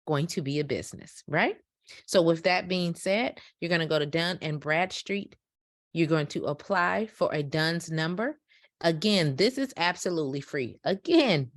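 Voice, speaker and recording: Low-voiced woman teaching, emphatic. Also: no room sound, clean studio sound. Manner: emphatic, repeats key points with check-ins. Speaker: dispatching business instructor. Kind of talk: instructional walkthrough. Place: home office.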